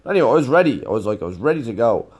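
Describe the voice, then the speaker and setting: A man's voice: mid-range voice, sing-song, very fast, darkish tone, breathy edge. A man telling a rambling, casual anecdote, swearing freely as he goes. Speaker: teacher and storyteller.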